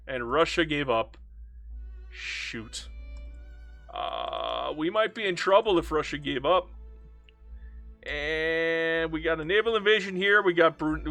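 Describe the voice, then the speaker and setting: A man giving joking, excitable let's play commentary on a strategy game, talking to himself and repeating phrases. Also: a little high. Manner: excitable, joking, frequent self-talk and repetition. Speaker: gaming YouTuber.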